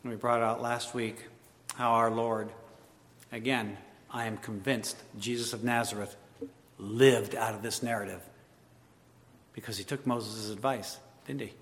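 A man preaching a sermon, animated, swinging between loud emphatic lines and hushed asides. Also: medium pitch, a little slow, pauses often. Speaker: pastor. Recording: long hall reverb.

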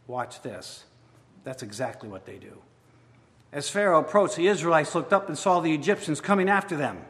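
A male pastor, voice on the high side, preaches animatedly at a moderate pace. He reads scripture and poses pointed rhetorical questions about it, and the large hall gives a long reverb.

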